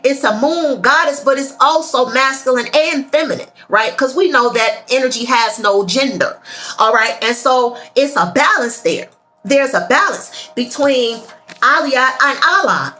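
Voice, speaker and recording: Woman talking spiritual stuff to her viewers, high bright voice, real emphatic, calls everybody y'all. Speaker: tarot and spiritual reader. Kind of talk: casual spiritual monologue to viewers.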